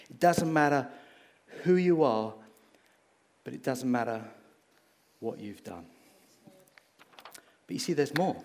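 A man preaching a sermon, acting out a Bible story with lively energy and getting short of breath as he moves about. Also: medium pitch. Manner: animated, acts out the story, gets breathless.

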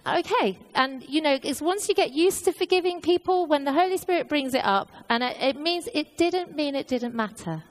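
A woman's voice: high-pitched, expressive, moderate pace, few pauses, low-quality recording. A woman preaching a sermon, telling a personal story in an earnest way with many fillers and restarts.

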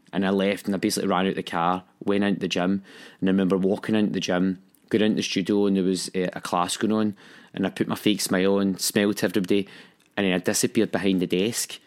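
A young man recounts a hard time in his life, speaking candidly and with feeling. His voice sits a little low, and he acts out the voices he quotes. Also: level tone, fairly quick. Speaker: storyteller recounting his own experience. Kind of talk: personal storytelling.

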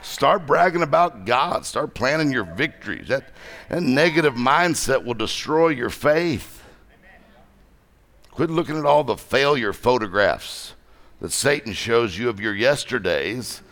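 A middle-aged man preaching a lively conference sermon, joking and exhorting the crowd. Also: medium pitch, unhurried.

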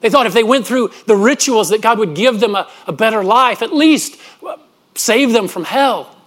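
A man's voice: sits high, moderate pace, a bit bright. A man preaching a sermon, earnest and storytelling, often restarting his words. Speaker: pastor.

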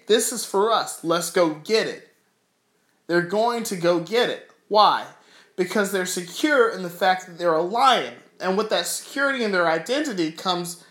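A man's voice: sits high, pushed and bright. A man preaching fervently with rhetorical questions and emphatic repeats, then leading a prayer. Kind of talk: sermon with closing prayer. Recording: roomy echo.

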